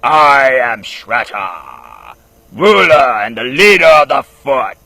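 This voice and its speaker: A blustering cartoon ninja villain makes loud threats, as a man puts him on. The voice is husky with a bright, forceful edge. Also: medium pitch, sing-song, slow, full character voice. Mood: menacing. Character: menacing male ninja villain, boastful and threatening.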